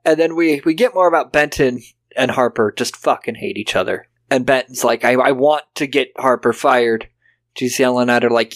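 A man co-hosting a podcast talks through a film scene by scene, his voice sitting at a middle pitch. He acts out the characters' lines with loose impressions. He swears casually as he goes. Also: moderate pace. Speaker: podcast co-host. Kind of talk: casual film-recap chat.

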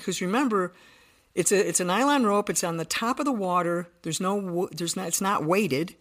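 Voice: medium pitch, moderate pace, a bit bright. A podcast guest telling a personal story in earnest detail, often restarting sentences.

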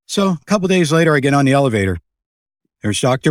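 Older guy spinning a yarn in an interview, puts on voices for the people in it, middle pitch, dry sound. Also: quick pace, no echo. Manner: animated storyteller, acts out voices in anecdotes. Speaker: podcast guest, business founder. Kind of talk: casual storytelling interview.

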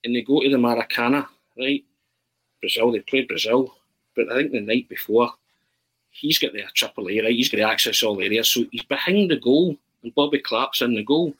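A man, a podcast guest, telling animated anecdotes and often checking in with "right?". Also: mid-range voice, brisk, breathy edge, rough recording. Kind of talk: anecdotal storytelling.

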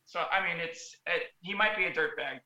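A man on a podcast panel explaining a story haltingly, with many restarts. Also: on the high side, roomy sound, background noise. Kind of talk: casual chat.

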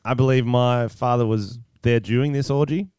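Aussie guy on a podcast, keeps giggling and teasing, smooth clear voice, dry close mic. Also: medium pitch, fairly even intonation, normal speed, darkish tone, no echo. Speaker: podcast co-host. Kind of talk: crude comedic banter.

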